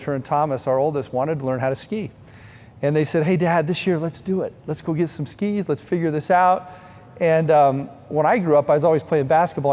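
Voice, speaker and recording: A man's voice: on the high side, dark tone, big-room sound. A middle-aged man giving a heartfelt storytelling speech at a fundraising event, speaking earnestly to the audience.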